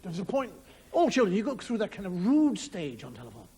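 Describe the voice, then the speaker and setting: A man's voice: high-pitched, huge pitch swings, a little fast, darkish tone. A middle-aged Irish man telling a wry stand-up story, acting out voices, in a 1990 TV studio with an audience. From Ireland. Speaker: comedian. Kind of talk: stand-up monologue. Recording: 1990 TV broadcast with audience noise. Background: audience laughter.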